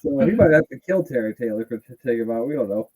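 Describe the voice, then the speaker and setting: A man's voice: mid-range voice, lively intonation, fast, crowd noise, rough recording. A man hosting a casual wrestling podcast who jokes and laughs often. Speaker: podcast host.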